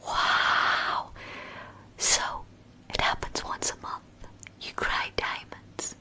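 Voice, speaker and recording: Woman doing an excitable young woman in whispered role-play. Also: extremely slow, exaggerated voice. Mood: eager. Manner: breathless gasping whisper.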